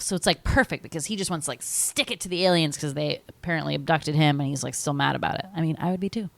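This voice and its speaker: A woman's voice: deep voice, quick pace, vocal fry, dry recording. A woman co-hosting a podcast, chatting casually as she recaps a film and acts out the scenes with silly voices and sound effects. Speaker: podcast co-host.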